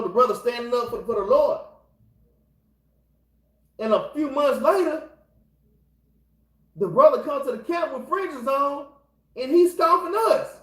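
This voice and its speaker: A man's voice: very high-pitched, fairly bright tone, reverberant, poor audio. A man leading an informal scripture class, talking casually and exhorting his listeners, constantly repeating the same filler address. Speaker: Bible class teacher.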